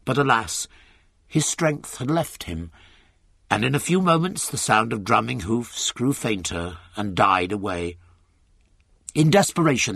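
A man narrating an audiobook with an expressive, dramatic reading. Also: medium pitch, vocal fry, breathy edge, no room sound, clean studio sound.

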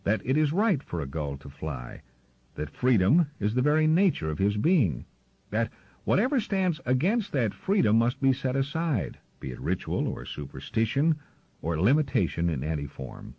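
A man narrating a storybook in an expressive storytelling manner, on a slightly muffled recording. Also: fairly low pitch, normal speed, husky, dry recording. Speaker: audiobook narrator. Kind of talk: scripted narration.

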